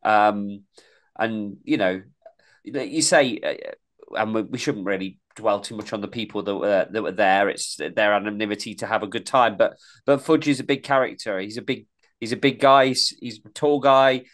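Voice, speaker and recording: Man with a light east midlands accent, low-ish voice, rambles and restarts a lot, casual podcast chat. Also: moderate pace, a bit bright. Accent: mild East Midlands. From East Midlands, England. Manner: rambling, many restarts and repeated words. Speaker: podcast co-host.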